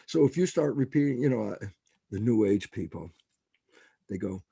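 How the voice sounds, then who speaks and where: An older man speaking as a podcast guest, his voice gravelly and a little husky. He tells stories in a lively way, swinging up and down in pitch as he acts out what people said. The sound is dry and close, with no room echo. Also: moderate pace. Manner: animated storytelling, acts out quoted dialogue. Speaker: guest biologist. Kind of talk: interview conversation.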